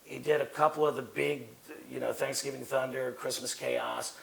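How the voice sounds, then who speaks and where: Middle-aged man, gravelly voice, rambling, profane, casual interview guest. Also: mid-range voice, fairly even intonation, moderate pace, poor audio. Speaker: guest, wrestling manager.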